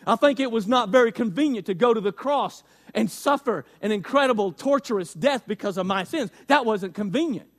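A man's voice: sits high, lively intonation, a little fast, few pauses. A man pastor preaching a folksy sermon, repeating phrases for emphasis and speaking straight to his congregation.

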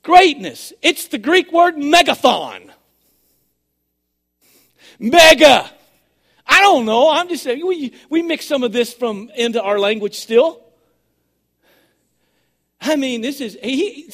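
A man preaching a sermon, excitable and swinging between shouting and a hushed voice. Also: very high-pitched, unhurried. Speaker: pastor.

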